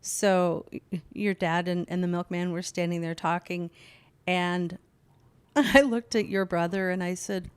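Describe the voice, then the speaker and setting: Slow-talking older mother telling stories. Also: lowish voice, steady tone, smooth. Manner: slow, laughing anecdotes. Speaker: podcast guest, host's mother. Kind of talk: casual storytelling chat.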